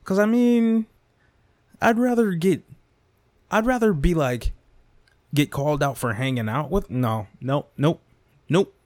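A man's voice: fairly high pitch, unhurried, pauses often, a little mellow, dry recording. A man hosting his podcast, ranting with heavy swearing and tagging lines with "dude" and "okay?", recorded close on a mic without a pop filter. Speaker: podcast host. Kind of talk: profane comedic rant. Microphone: close desk mic without pop filter.

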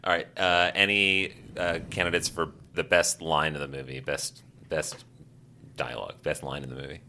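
A man with a low voice and a bright, forceful edge hosts a casual panel discussion. He moderates loosely, tosses out questions to the group and laughs easily between them. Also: little pitch movement, normal speed, slight background noise. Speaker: podcast host.

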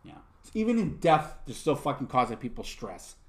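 A man's voice: medium pitch, brisk. A man from upstate New York co-hosting a podcast, swearing freely and ranting in casual banter. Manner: profane, ranting, animated. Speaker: podcast co-host.

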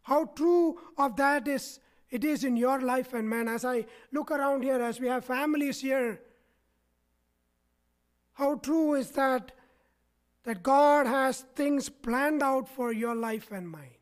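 A man's voice: very high voice, takes it slowly. A man preaching a sermon to his congregation, often checking in with them by asking "right?". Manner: asks the congregation frequent "right?" tags. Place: church.

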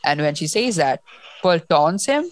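Book-podcast co-host, woman, low voice, emotional and rambling, dry sound. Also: very animated, unhurried, no room sound. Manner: emotional, restarts and gushes about the story. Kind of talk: casual book discussion.

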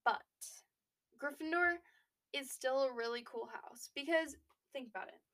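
A young woman with a high voice chats casually as a podcast co-host. She talks loosely, packing in fillers and restarting sentences as she goes. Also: normal speed, a bit bright. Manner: chatty, lots of fillers and restarts. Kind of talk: casual chat.

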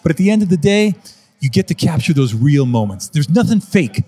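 Interviewed about wildlife photography, a man tells stories emphatically and mimics other people's voices. His voice is fairly high, sing-song, warm and breathy-edged, and he talks briskly.

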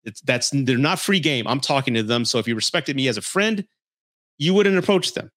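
A man's voice: medium pitch, lively intonation, a little fast, a bit bright. A man hosting a podcast, telling frank personal stories in a blunt, profane, casual way. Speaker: podcast host.

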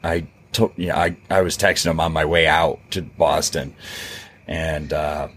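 A man's voice: very deep voice, moderate pace, slightly rough. A man co-hosting a podcast in casual chat, steadily recounting with many "uh"s. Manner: steady, filler-heavy recounting. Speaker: podcast co-host.

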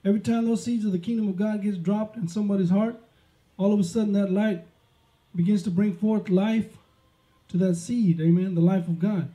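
A man's voice: sits high, steady tone, brisk, warm tone. A man preaching a sermon, emphatic and peppering his words with amens and praise. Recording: dull lo-fi sound.

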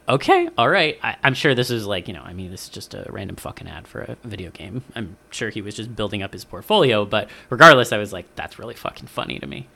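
Brief: male podcast co-host, bright forward tone, lively and profane, acts out quotes. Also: lowish voice. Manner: animated, swears often, acts out quoted lines. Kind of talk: casual podcast chat.

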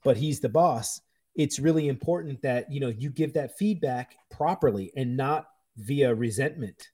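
Male chef in his 30s, blunt and profane, mellow dark tone. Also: mid-range voice, moderate pace, husky. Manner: blunt, profane, animated storytelling. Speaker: chef, podcast guest. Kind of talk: casual chat.

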